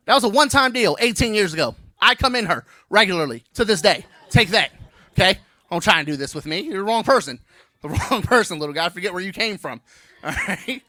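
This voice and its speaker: A man's voice: sits high, animated, brisk, sharp tone, dry recording. A man in his thirties doing a brash, playful stand-up comedy set on stage, teasing the crowd.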